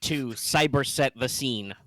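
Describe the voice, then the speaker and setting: A man serving as game master, setting the scene for a tabletop game with relaxed jokes. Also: medium pitch, a little slow, slight background noise.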